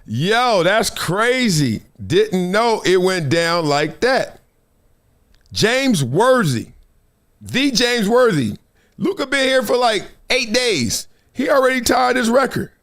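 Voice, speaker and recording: A middle-aged man, a former football player, hosting a casual livestream in an animated, slangy, joking way. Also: sits high.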